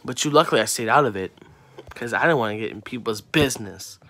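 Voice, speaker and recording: A teenage boy vents in a heated, profane rant, swearing at nearly every turn. His voice sits in a middle pitch and comes out bright and forceful, full of exasperation. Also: expressive, quick pace. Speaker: student venting on camera. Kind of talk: angry ranting vlog.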